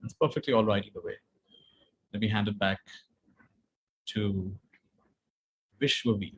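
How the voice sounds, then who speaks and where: A man giving a calm spiritual talk, repeating phrases gently and sometimes laughing softly. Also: fairly low pitch, measured pace, husky, dull audio. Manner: calm, repetitive, gently emphatic, soft laughs. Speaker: spiritual teacher. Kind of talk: talk to an online audience.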